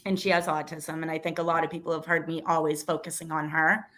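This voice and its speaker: A woman's voice: low voice, flat delivery, fast, a bit bright. A woman in her thirties or forties, a school committee candidate, telling a personal story as a guest in a casual interview, earnest and emotional, with frequent restarts.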